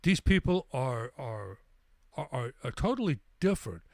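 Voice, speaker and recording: A man's voice: mid-range voice, sing-song, normal speed, creaky, dry recording, studio quality. A man in his sixties telling a travel story on his live stream, rambling and stumbling over repeated words. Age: 60s. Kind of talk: casual storytelling.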